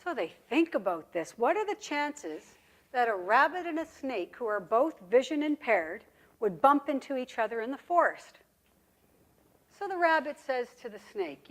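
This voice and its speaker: A woman's voice: high-pitched, big pitch swings, moderate pace. Direct, folksy woman presenter. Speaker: conference presenter. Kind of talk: conference presentation.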